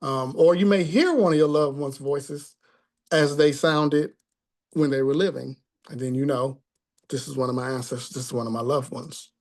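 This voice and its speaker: A man's voice: medium pitch, normal speed. A man teaching a spiritual class in a conversational tone, often checking in with the listeners.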